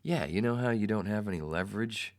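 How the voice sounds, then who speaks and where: A man with a deep, low voice tells a rambling personal story on his podcast. He talks casually and animatedly, and his voice jumps up when he mimics the people in the story. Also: a little fast. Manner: animated, mimics others in quoted lines. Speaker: podcast host.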